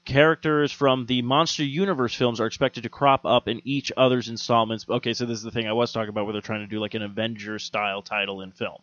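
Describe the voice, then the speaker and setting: A man co-hosting a podcast, chatting casually about movies, swearing freely and animated, dropping into quick mock voices. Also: medium pitch, dry recording, dull audio. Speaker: podcast co-host. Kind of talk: casual chat.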